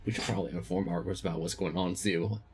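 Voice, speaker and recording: A man playing in a tabletop game, animated, switching between his character and table chat. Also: deep voice, fast. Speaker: player.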